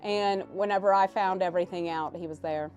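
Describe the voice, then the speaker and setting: A woman game streamer chatting casually on a live stream and telling stories animatedly, her voice swinging between loud and soft. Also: lowish voice, fairly even intonation, a little fast, dull audio, soft background music.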